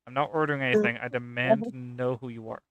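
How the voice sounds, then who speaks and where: A man's voice: medium pitch, expressive, fast talker, fairly bright tone, no echo, dull audio, natural voice. A man playing an indignant male professor who demands answers in a stern, exasperated way.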